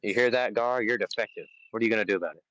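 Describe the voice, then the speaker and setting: A man's voice: on the low side, racing, fairly bright tone, highs cut off. A man chatting on a live fishing stream outdoors by the water, playfully taunting the fish he is after. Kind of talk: casual live-stream chat.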